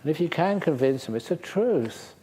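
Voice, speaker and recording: Playful storytelling Buddhist monk. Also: male voice, on the high side, normal speed. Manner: lively storyteller, playful and humorous. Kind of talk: dharma talk with Q&A. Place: retreat centre hall.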